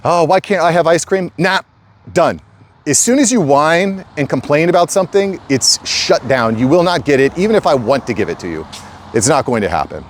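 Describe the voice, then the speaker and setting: A man's voice: fairly high pitch, very animated, moderate pace, slight background noise. A middle-aged man hosting his channel, talking straight to viewers in an emphatic, repetitive way and calling them guys. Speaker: channel host. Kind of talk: casual direct-to-camera talk.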